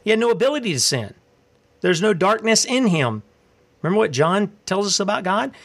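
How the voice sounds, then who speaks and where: A man's voice: high voice, very animated, a little fast, vocal fry, a bit bright. A man preaching a sermon, fiery and confrontational, asking rhetorical questions and reading scripture aloud.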